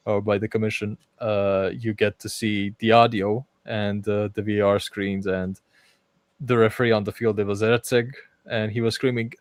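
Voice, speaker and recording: A man hosting a casual football podcast, his voice sitting on the low side. He talks in an animated way and often restarts his sentences. The recording is dry and close. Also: no echo. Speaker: podcast host.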